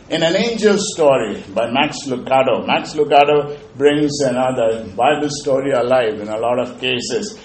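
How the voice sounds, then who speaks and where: A man's voice: mid-range voice, roomy sound, slight background noise, rough recording. A male pastor preaching a sermon in an earnest manner, repeating key phrases.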